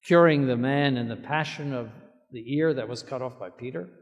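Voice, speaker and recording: Earnest bishop preaching in a reverberant church. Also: male voice, mid-range voice, moderate pace, lo-fi sound. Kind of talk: sermon.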